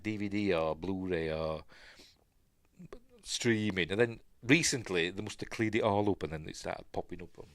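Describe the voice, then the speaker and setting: Rambling Yorkshire man, lively low voice. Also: no room sound, studio quality. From Yorkshire, England. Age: older. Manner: rambling, chatty, laughs often, trails off to look things up. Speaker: podcast host. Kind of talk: casual solo chat.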